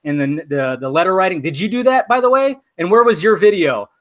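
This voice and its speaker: High-voiced man arguing indignantly. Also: expressive, a little fast, over a noisy crowd. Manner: defensive, indignant, swearing, repeats himself. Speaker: podcast host. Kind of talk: heated argument on a livestream.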